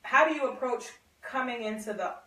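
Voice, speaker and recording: A woman's voice: on the high side, fairly quick, sharp tone. Woman moderating a panel, echoey room. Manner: conversational, poses open questions to the group. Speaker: discussion moderator. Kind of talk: casual panel discussion. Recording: echoey room, mic far off.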